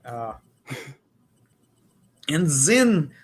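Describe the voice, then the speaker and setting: A man's voice: mid-range voice, unhurried, fairly bright tone. Profane, joking man co-hosting a podcast. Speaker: podcast co-host. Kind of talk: casual chat.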